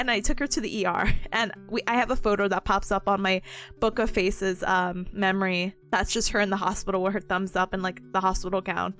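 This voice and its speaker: A woman's voice: medium pitch, a little fast, soft background music. A young woman streaming a study session, chatting casually with her viewers, laughing often and rambling between stories. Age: young adult. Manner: laughs often, talks to chat, lively and rambling. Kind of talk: casual live-stream chat.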